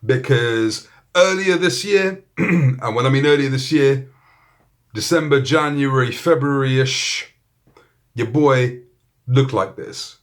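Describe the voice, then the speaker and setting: A man's voice: mid-range voice, slow. A man with a British accent talks through a gadget review in a loose, joking way. He swears freely and keeps a laid-back, chatty manner in a mid-range voice. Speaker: tech reviewer. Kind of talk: casual video review.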